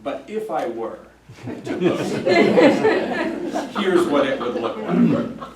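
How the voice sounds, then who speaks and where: A man teaching a church Sunday school class, thoughtful and halting, with many fillers and restarts. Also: mid-range voice, lively intonation, a loud crowd. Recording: echoey room, mic far off.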